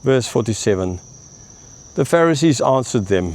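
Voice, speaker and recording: Animated male Bible teacher, lively pitch. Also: normal speed. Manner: animated, acts out quoted speakers, frequent "right?". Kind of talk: casual verse-by-verse Bible commentary.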